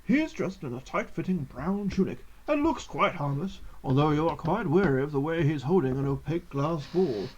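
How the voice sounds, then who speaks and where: Woman streamer, lowish and very lively, exclaims and swears at the game, dull lo-fi audio. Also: moderate pace, hardly any pauses, husky. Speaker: charity livestream gamer. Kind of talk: playing a game and reading it aloud on a livestream.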